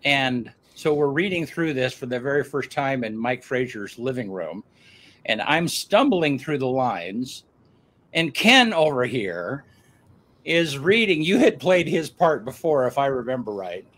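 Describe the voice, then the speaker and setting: A man's voice: mid-range voice, very animated, unhurried, a bit bright. A man hosting a talk show, telling a story in a rambling, enthusiastic way with many restarts. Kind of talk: casual chat.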